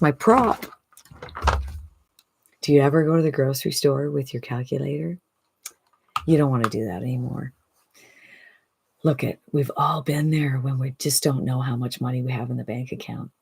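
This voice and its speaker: A woman in her sixties giving an enthusiastic, persuasive direct-to-camera sales pitch as an online business coach, often asking "right?". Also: gravelly, dark tone, slight background noise. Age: 60s.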